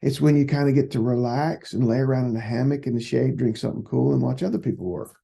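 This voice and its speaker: A man's voice: medium pitch, fast talker, creaky, dark tone, slightly rough. A man voicing a pushy male railroad boss in a spoken anecdote. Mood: coaxing.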